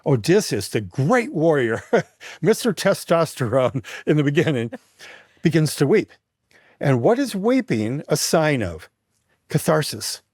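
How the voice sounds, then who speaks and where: A man guesting on a talk show, retelling an ancient myth with lively expression and frequent restarts. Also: a little high, a little slow, no room sound, clean studio sound. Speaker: guest, mythologist and writer. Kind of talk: animated storytelling in conversation.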